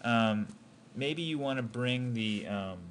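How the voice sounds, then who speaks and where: In casual spoken critique, a man gives an animation student encouraging feedback, hesitating often with ums and restarts. His voice is medium-pitched and fairly bright, and he speaks slowly over a little hiss or hum.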